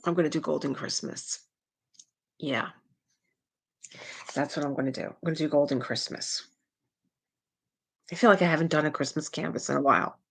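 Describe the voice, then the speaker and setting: Middle-aged woman host of a casual live stream: a slightly low voice, talkative and rambling, with frequent laughs and filler words. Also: normal speed, gravelly, long pauses, husky. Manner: chatty and rambling, laughs often, many "like" fillers. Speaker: livestream host. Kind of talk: casual chat to a live chat audience.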